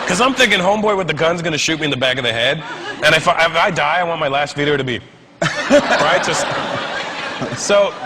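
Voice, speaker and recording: A man in his thirties doing stand-up comedy on a stage, telling an animated story and acting out the voices of the people in it. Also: fairly high pitch, moderate pace, long pauses, noisy background.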